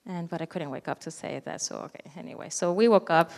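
Thirties woman, lowish voice, telling her testimony in a reverberant hall, earnest, restarts often. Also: gravelly. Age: 30s. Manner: earnest, halting, with frequent restarts. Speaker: speaker giving a testimony. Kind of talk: personal faith testimony.

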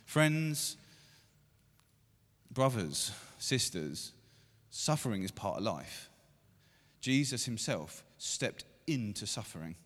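A man in his thirties preaching a sermon to a church meeting, building to loud, emphatic repeated lines. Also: fairly low pitch, very animated, slow, long pauses. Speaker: pastor. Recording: long hall reverb.

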